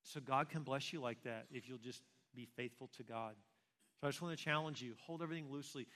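A fast-talking pastor with a medium-pitched, somewhat bright voice gives a conversational sermon full of rhetorical questions. Long reverb from a large hall colors the recording.

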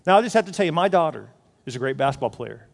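Middle-aged male pastor, lively sermon delivery, higher-pitched, in a reverberant church hall. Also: very fast, creaky. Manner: animated, acts out his own inner voice.

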